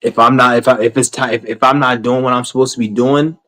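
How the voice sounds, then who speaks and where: A man's voice: medium pitch, fairly even intonation, quick pace, fairly bright tone, poor audio. Guy going off on a vlog, mid-range voice, swears nonstop and circles back on himself, tablet mic. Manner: blunt, heated, rambling, swears constantly, repeats himself. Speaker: vlogger. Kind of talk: profane rant to camera.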